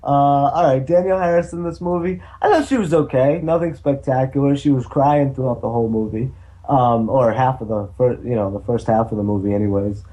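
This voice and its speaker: A man's voice: medium pitch, brisk, mellow. A man co-hosting a podcast, rambling hesitantly about a film's actress and swearing casually. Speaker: podcast co-host. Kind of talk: casual movie review chat.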